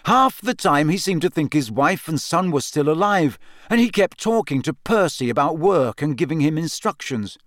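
A man's voice: on the high side, lively intonation, normal speed, a bit bright, dry recording, clean studio sound, voice pushed up. A man voicing a troubled, earnest teenage boy in an audiobook, speaking wearily with some bitterness. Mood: weary. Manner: earnest, weary, a bit dull and bitter. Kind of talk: audiobook character voice.

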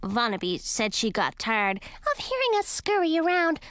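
A woman voicing a restless, chatty mouse with a squeaky, eager voice. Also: big pitch swings, moderate pace, fairly bright tone, dry recording. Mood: bored.

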